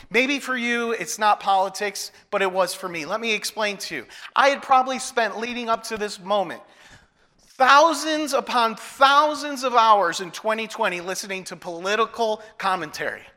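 A man's voice: high-pitched, pushed and bright. Man preaching a sermon in an echoey hall. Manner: storytelling, engages the congregation with questions. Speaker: pastor. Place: church hall. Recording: long hall reverb.

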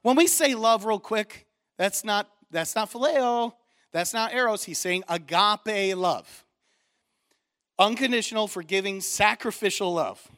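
A high-pitched man delivering a sermon from the pulpit. He preaches with swelling fervor, pushing up and louder on the big points, then drops into relaxed, joking asides to his listeners. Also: unhurried. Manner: animated preaching, rising loud on key points, folksy asides. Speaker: pastor.

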